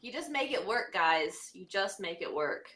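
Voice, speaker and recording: A woman's voice: lowish voice, expressive, moderate pace, fairly bright tone, echoey room. A woman co-hosting a podcast from home over a live video call, giggly and casually profane. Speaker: podcast co-host. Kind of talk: casual chat.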